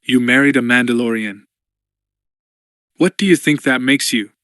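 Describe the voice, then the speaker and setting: Man doing a gruff fatherly sergeant, blunt, weary, dry close audiobook sound. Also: mid-range voice, normal speed, fairly bright tone, no room sound, lightly acted.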